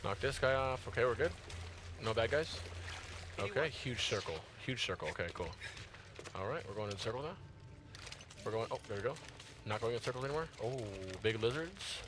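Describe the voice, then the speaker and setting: A man's voice: mid-range voice, animated, brisk, pauses often, background noise. A tired man giving slangy live gameplay commentary, yelping and squealing when startled. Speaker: gaming streamer.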